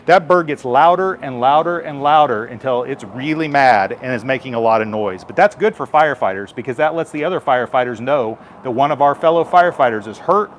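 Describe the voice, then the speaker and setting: A man's voice: mid-range voice, a little hiss or hum. A man, a firefighter, giving a live station tour and patiently explaining equipment to children in simple terms.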